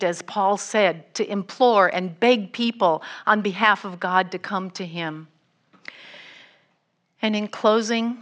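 A woman's voice: medium pitch, fairly bright tone. A middle-aged woman missionary giving a sermon, telling a story earnestly. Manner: slow, earnest storytelling with acted quotes. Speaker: guest missionary speaker.

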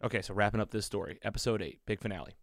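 A man hosting a casual podcast chat, retelling a show's episode with excitement and quick acted-out quotes. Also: fairly low pitch, gravelly, no echo, clean studio sound. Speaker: podcast host.

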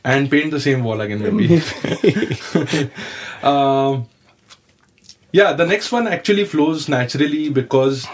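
A man's voice: on the high side, animated, slow pace, a little hiss or hum. Man, interviewer, short questions, mostly listening. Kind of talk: casual interview.

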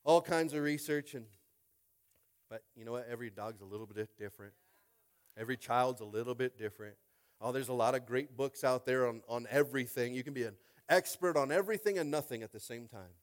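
A man preaching a sermon in an animated way, tossing out call-and-response asides and swinging from loud to hushed. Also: mid-range voice, a little fast. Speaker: pastor.

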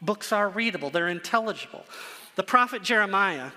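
A man's voice: high-pitched, animated, fairly quick, pushed and bright, long reverb tail. A man preaching a sermon to his congregation, earnest and emphatic, repeating phrases for stress. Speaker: pastor.

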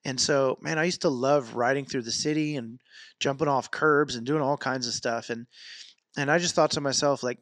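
A man's voice: medium pitch, normal speed, dry recording. A man vlogging casually about his training, telling a long story with lots of fillers and restarts. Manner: rambling, animated storytelling with many fillers. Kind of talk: casual fitness vlog.

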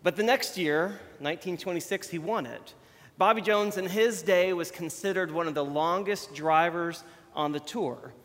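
A man delivers a conversational sermon, chatty and self-deprecating. His voice sits a little high. A long reverb from a large hall trails each phrase. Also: normal speed, fairly bright tone. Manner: chatty, self-deprecating, shows props while talking.

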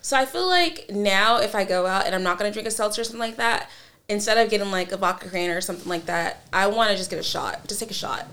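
A young woman in her twenties, co-hosting a podcast in relaxed, chatty talk full of 'like' fillers. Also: mid-range voice, quick pace. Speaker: podcast co-host. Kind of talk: casual chat.

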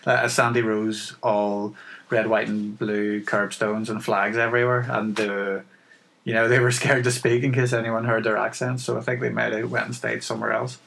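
A man co-hosting a podcast over a remote call, his voice gravelly with fry. He swears freely and laughs easily in loose banter. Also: fairly low pitch, level tone, normal speed, a bit bright, rough recording. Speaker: podcast co-host. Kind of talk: casual chat.

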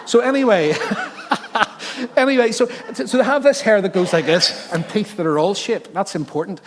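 A man preaching a sermon, telling funny stories in an animated, jokey way and interrupting himself often. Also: high voice, brisk, in a large hall, noisy background. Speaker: pastor. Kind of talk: sermon with humorous storytelling.

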